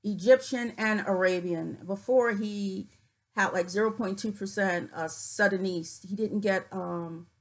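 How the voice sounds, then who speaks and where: A woman vlogging casually, reading figures off her screen with many fillers and pauses, her voice cutting in and out. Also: mid-range voice, poor audio. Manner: reads figures aloud haltingly with many fillers. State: voice cuts in and out.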